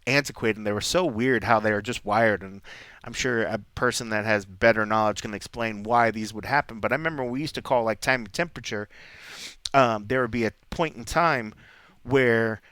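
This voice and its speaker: A middle-aged man co-hosting a podcast, telling rambling, animated stories with asides in casual chat. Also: on the low side, a little fast, clean tone, no echo. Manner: animated storyteller, rambling asides, acts out quotes. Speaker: podcast co-host.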